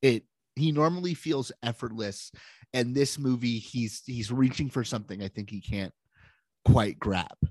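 A man's voice: mid-range voice, a little slow, darkish tone, no room sound. A man co-hosting a casual film podcast, laying out confident, analytical opinions. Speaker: podcast co-host.

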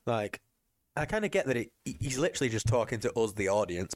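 A podcast co-host with a fairly low voice talks fast, with no room sound, during casual film commentary. Animated and swearing, he rants about and mocks the film while drinking, hiccuping, and using mocking voices for quotes.

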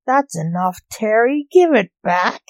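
Woman reading a breezy reckless gentleman. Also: a little high, lively intonation, normal speed, dry recording, lightly acted. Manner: breezy, teasing. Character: cheerful reckless young gentleman.

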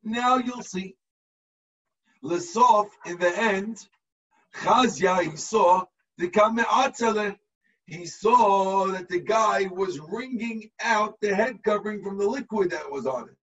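A man's voice: high-pitched, slow, fairly bright tone, husky, far from the mic, muffled recording. A man, a rabbi, teaching a text to his students over a video call, explaining step by step and checking in with the class.

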